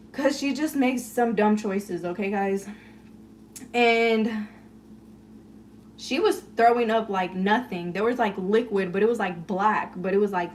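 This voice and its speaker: A woman's voice: fairly high pitch, distant mic, slight background noise. A woman chatting casually on a phone livestream, rambling through a story full of "like" and swearing while baking in her kitchen. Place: home kitchen, baking cookies.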